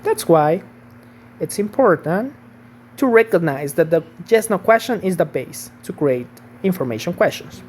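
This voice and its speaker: A woman's voice: on the low side, lively intonation, normal speed, darkish tone, slightly rough. Woman teaching English grammar. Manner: patient, checks in with "okay?" and "right?". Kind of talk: online grammar lesson.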